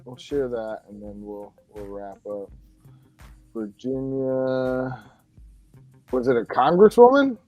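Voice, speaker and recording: A man's voice: medium pitch, lively intonation, takes it slowly, pauses often, mellow, soft background music. A man hosting a casual podcast, rambling and often laughing as he talks. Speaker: podcast host. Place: home studio, Florida.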